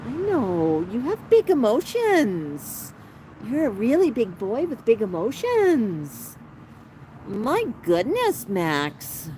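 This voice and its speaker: A woman hosting a live stream from her patio, gently soothing her pet bird as if talking to a small child. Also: fairly high pitch, wildly swooping pitch, slow pace. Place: outdoor patio by a street. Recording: outdoor street traffic noise.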